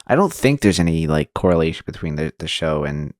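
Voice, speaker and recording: A man co-hosting a podcast, talking about a TV episode in a relaxed, somewhat hesitant way. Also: very deep voice, a little fast, no echo, studio quality. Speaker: podcast co-host. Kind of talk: casual chat about a TV episode.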